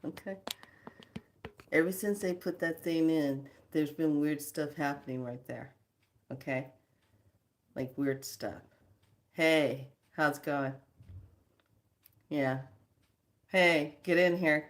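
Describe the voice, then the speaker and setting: A spiritual vlogger speaks slowly in a low, steady voice, leaving long pauses. On her own vlog she's chatty and casual, recounting exasperated stories and often laughing.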